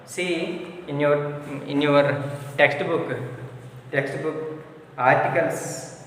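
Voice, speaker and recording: A man's voice: fairly high pitch, steady tone, drawn-out words, fairly bright tone, slight background noise. A man teaching grammar, repeating example phrases aloud in a drilling classroom manner, recorded in an echoey hall from a distance. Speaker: English teacher.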